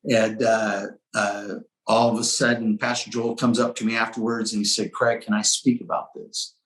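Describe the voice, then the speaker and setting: A lowish, slightly bright voice with flat delivery and moderate pace belongs to a middle-aged pastor giving his testimony as an interview guest. His storytelling is earnest, with quoted dialogue and shifts in pace, captured with a roomy echo.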